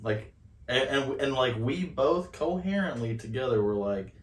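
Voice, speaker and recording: A man's voice: mid-range voice, lively intonation, a little slow, echoey room, far from the mic. A man from Southern Indiana co-hosting a podcast in casual chat, joking and a little defensive. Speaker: podcast co-host.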